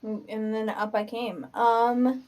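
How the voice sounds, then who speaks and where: A woman's voice: on the high side, fairly even intonation, takes it slowly, a little mellow. A woman playing in a tabletop game, talking casually and hesitantly. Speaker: player.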